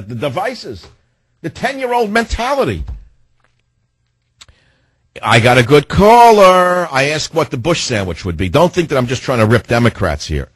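A man's voice: fairly high pitch, husky, no echo. A man hosting a talk radio show, delivering a rambling, sarcastic and mocking monologue into a studio microphone.

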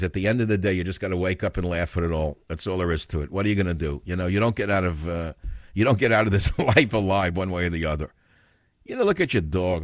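A man's voice: medium pitch, a bit bright, dry recording, highs cut off. An older man hosting a talk radio show, telling rambling stories in an exasperated tone.

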